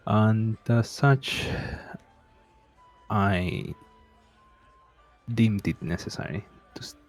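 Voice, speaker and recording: A man playing a slow, formal bodyguard. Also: low-pitched, exaggerated voice. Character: formal guarded male bodyguard. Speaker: player. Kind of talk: in-character tabletop role-play.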